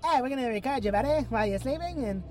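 Comedic bit: a man putting on a brash scientist, pitched well up, laid on thick, calls everyone buddy. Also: animated, fast, a little mellow, faint music behind. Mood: smug. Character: smug Canadian male scientist, pushy and shady.

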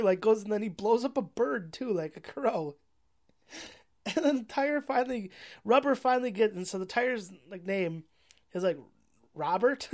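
A woman's voice: medium pitch, darkish tone. Rambling young woman recapping a movie. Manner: rambling, heavy on "like" and swearing, laughs often. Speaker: movie reviewer. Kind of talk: casual plot recap.

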